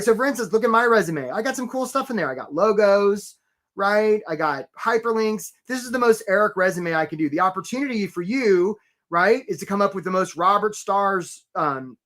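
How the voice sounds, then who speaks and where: A man's voice: sits high, fairly bright tone. A middle-aged man coaching job seekers in a live webinar, chatty and upbeat, greeting viewers by name. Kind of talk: energetic live webinar presentation.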